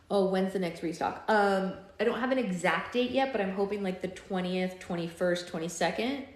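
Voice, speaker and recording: A woman hosting a live book club, chatting casually and reading a novel aloud with offhand asides. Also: on the low side. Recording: echoey room.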